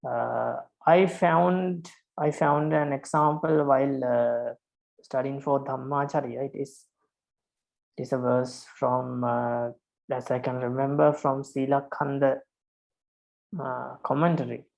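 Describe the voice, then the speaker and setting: Patient monk teaching with a gravelly voice. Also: male voice, medium pitch, fairly even intonation, slow, darkish tone, low-quality recording. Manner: patient, counts syllables aloud, frequent fillers and repeats. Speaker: Pali teacher. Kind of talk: online lesson on verse meter.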